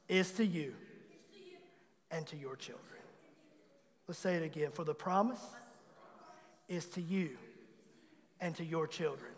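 High-pitched fervent preacher in a reverberant sanctuary. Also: male voice, moderate pace, pauses often, a bit bright. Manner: fervent preaching, leads congregation in call-and-response. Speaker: pastor. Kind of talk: sermon. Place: large church sanctuary. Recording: long hall reverb of a sanctuary.

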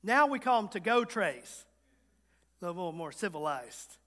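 A man's voice: high-pitched, sing-song, unhurried, a bit bright. A man with a Southern Virginia accent preaching a sermon, folksy and humorous, building to emphatic repetition. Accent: Southern American, Virginia. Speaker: guest preacher. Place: church sanctuary. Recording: long reverb of a church hall.

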